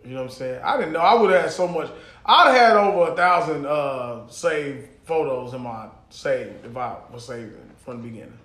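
A man's voice: medium pitch, animated, moderate pace, fairly bright tone. A young man co-hosting a podcast, chatting loosely with lots of cursing and laughter. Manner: loose, profane, laughing banter. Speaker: podcast co-host. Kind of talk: casual chat. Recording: echoey room.

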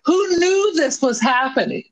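Animated high-voiced woman co-host. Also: measured pace. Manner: animated, indignant, acts out characters' lines. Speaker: podcast co-host. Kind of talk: casual movie discussion.

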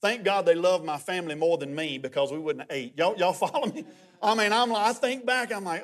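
A middle-aged man preaching as a guest pastor, telling stories in a lively, humorous way. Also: sits high, moderate pace. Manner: animated, humorous storytelling with many restarts. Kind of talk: sermon.

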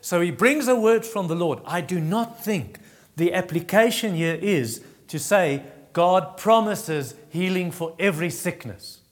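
A man's voice: expressive, long reverb tail. A man preaching a sermon, retelling Bible stories and acting out the characters' pleas, with frequent restarts. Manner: acts out Bible voices in a raised pitch, quiet and slow on comfort; halting restarts while teaching.

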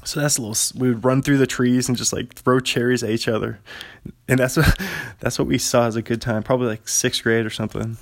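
A gravelly, mid-range male voice, fairly even in intonation and a little fast, comes through on a dry recording. The speaker, a Washington State man in his thirties, hosts a one-man podcast, telling meandering stories full of chuckles in a relaxed, digressive way.

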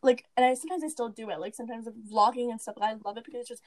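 A woman's voice: fairly high pitch, racing. A teenage girl co-hosting a podcast, chatting casually, rambling and giggling with lots of "like". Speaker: podcast co-host. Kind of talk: casual chat.

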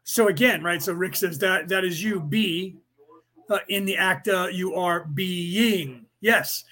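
A man's voice: high voice, slow pace, sharp tone. A man hosting a podcast, talking casually and emphatically, rambling and reading out listener comments. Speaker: podcast host.

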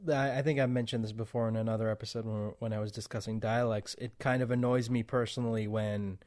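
A man's voice: fairly low pitch, fairly even intonation, fast talker, a little mellow. A man hosting a podcast in casual chat, rambling with restarts and laughs between points. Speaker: podcast host.

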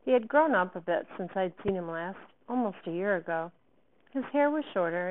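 Woman, teacher, reading a story aloud, expressive, lowish voice, thin phone-like sound. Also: a little hiss or hum. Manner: expressive first-person reading.

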